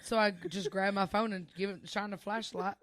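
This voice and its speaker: Young woman podcast cohost, chatty, laughs a lot while telling stories, middle pitch. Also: a little fast, no room sound. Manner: animated storyteller, laughs often. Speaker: podcast co-host. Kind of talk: casual chat.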